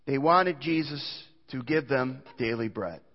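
A man's voice: mid-range voice, measured pace. Pastor, male, earnest sermon delivery, reverberant muffled church recording. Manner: earnest preaching, reads scripture aloud, small restarts. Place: church sanctuary.

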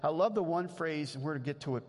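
A man's voice: fairly high pitch, quick pace, darkish tone. Male pastor, earnest conversational sermon, long church reverb. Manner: earnest, conversational preaching with many restarts.

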